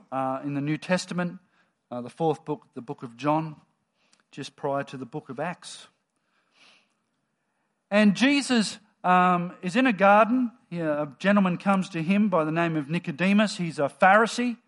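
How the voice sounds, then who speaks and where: Conversational male preacher, slightly high voice. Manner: conversational, lively storytelling. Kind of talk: sermon.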